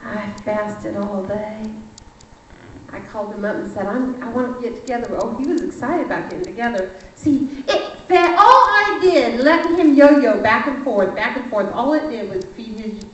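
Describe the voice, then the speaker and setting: A woman giving a lively, emphatic sermon testimony, telling a personal story in a church. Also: a little high, normal speed. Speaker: speaker. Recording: far-off echoey church hall, muffled.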